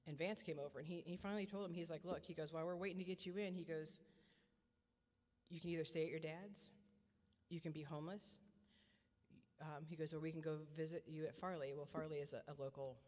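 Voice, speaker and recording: A middle-aged woman giving a personal testimony as a parent, earnest and repetitive, often halting and restarting her sentences. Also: low-pitched, steady tone, darkish tone. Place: church hall. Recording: long church hall reverb.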